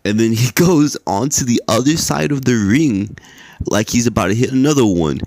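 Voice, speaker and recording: A man's voice: medium pitch, expressive, moderate pace, a little mellow, no echo. A young man hosting a podcast, giving a casual, rambling recap of wrestling in a sleepy, laid-back way with lots of filler words and swearing. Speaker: podcast host.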